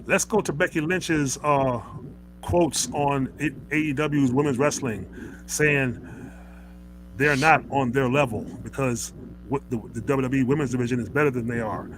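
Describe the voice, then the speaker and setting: A man's voice: medium pitch, normal speed, noisy background. A man hosting a casual wrestling talk show, ranting in a heated, rambling way, with many stammers and restarts. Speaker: host.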